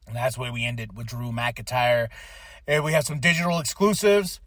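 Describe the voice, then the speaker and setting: A man hosting a podcast, giving a casual, animated recap of a wrestling show, often laughing and slipping into quoted voices. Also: mid-range voice, fairly quick, dry recording, clean studio sound. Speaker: podcast host.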